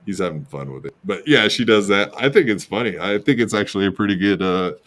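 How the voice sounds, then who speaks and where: A man's voice: lowish voice, animated, fast, fairly bright tone. A man hosting a podcast in easygoing, rambling casual chat. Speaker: podcast host.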